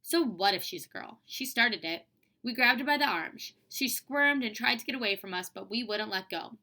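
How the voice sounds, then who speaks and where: A woman teacher reads a children's book aloud, telling the story expressively in a voice on the high side at a moderate pace.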